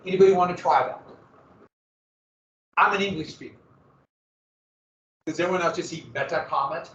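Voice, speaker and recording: A man's voice: fairly high pitch, moderate pace, fairly bright tone, far from the mic. A man teaching a history class in a casual lecture, with joking asides and dramatic emphasis. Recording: echoey, muffled classroom recording from afar.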